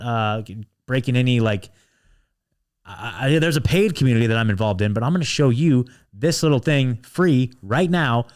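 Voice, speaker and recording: A man at a middle pitch hosts his own podcast, talking in a fired-up, passionate rush. He swears freely and stumbles through restarts and fillers. He pushes his listeners like he is giving them a pep talk. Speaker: podcast host. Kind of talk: animated monologue, pep talk.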